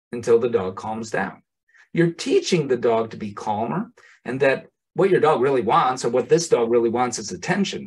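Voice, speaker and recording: Husky-voiced man giving a lecture. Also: mid-range voice. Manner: conversational, plain-spoken with asides. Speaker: presenter, animal behavior consultant. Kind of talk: lecture to professionals.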